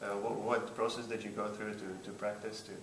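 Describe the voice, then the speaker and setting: A man's voice: fairly low pitch, completely flat delivery, a bit bright. A man interviewing a guest, asking careful questions with hesitant restarts. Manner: hesitant, measured. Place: convention venue. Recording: noisy, echoey, from a distance.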